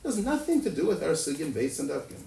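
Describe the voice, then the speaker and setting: A man teaching Talmud in a lively sing-song, leaping up in pitch and tossing out rhetorical questions. His voice has a gravelly edge. He sits away from the mic in an echoey room, with faint noise underneath. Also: quick pace, far from the mic. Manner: rhetorical questions, often ending with "no?"; sing-song, animated delivery with sudden jumps in pitch. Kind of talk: animated Talmud lecture.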